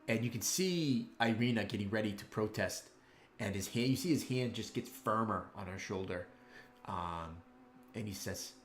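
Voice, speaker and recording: Low-voiced game master narrating, echoey. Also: male voice, a little hiss or hum. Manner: measured, hesitant narration with many fillers. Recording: roomy echo.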